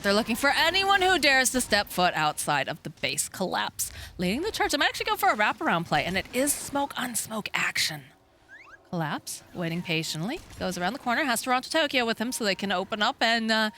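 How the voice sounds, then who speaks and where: A woman giving energetic play-by-play commentary on an esports match, speeding up during fights. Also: a little high, a little hiss or hum. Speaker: esports caster.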